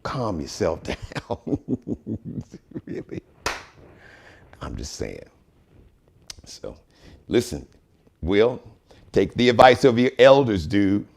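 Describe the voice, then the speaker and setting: A man's voice: lowish voice, big pitch swings, takes it slowly, vocal fry, long pauses, a little hiss or hum, voice pushed down, exaggerated voice. A man putting on an impression of an indignant older father who scolds a younger man in an exasperated, lecturing way.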